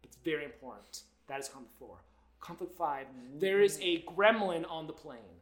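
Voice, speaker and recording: A woman's voice: sits low, expressive, moderate pace, reverberant. A woman co-hosting a casual movie chat, rambling with lots of fillers and giggling. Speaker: podcast co-host.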